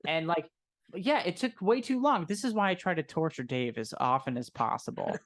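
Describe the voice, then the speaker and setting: A man's voice: fairly high pitch, expressive, moderate pace, fairly bright tone. A man in his thirties co-hosting a movie stream, talking in casual chat with a sarcastic, teasing manner. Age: 30s. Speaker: co-host.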